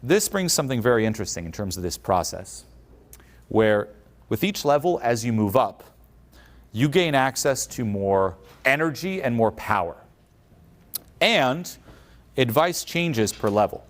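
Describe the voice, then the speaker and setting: Male motivational speaker on stage, animated, mid-pitched, lively inflection. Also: measured pace, pauses often. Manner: animated, acts out quoted voices. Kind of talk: motivational conference talk. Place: conference stage.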